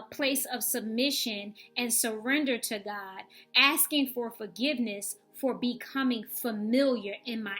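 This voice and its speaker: A woman's voice: on the high side, bright, forceful tone. A woman giving a candid personal faith testimony in a frank, conversational, reflective way. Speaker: vlogger sharing faith testimony.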